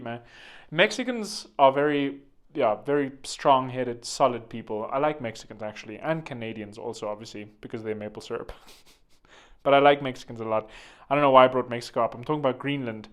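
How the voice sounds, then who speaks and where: A man's voice: mid-range voice, lively intonation, a little fast. A man hosting a vlog with rambling comedic commentary, joking and digressing, full of fillers. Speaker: vlog host.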